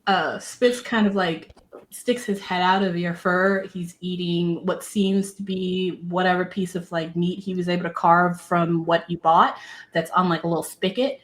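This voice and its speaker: A woman's voice: fairly low pitch, fairly even intonation, normal speed. Chatty woman running a tabletop game. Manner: chatty, laughs often, many fillers. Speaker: game master.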